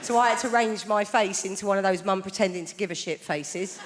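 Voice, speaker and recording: A woman's voice: mid-range voice, fairly quick. A woman in her thirties doing a wry, conversational stand-up routine on a large theatre stage. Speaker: stand-up comedian. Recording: live theatre with hall reverb and audience noise.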